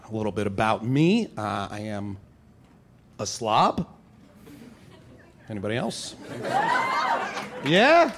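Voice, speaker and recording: A man's voice: fairly low pitch, very animated, takes it slowly, pauses often, fairly bright tone. A man doing stand-up comedy who talks directly to the audience. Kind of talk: stand-up comedy with crowd work.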